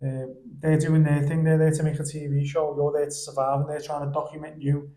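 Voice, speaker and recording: A young man on a podcast, telling stories in a lively, animated way and laughing along as he goes. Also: a little high, brisk, roomy sound. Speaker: podcast guest. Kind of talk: casual storytelling chat. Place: indoor podcast studio.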